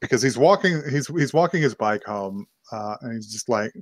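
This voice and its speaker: A man's voice: medium pitch, lively intonation, normal speed, no echo. A man co-hosting a podcast, casually and profanely retelling an anime episode, slipping into characters' lines as he goes. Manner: loose and profane, acts out characters' lines mid-story. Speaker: podcast co-host. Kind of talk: casual chat recapping an anime.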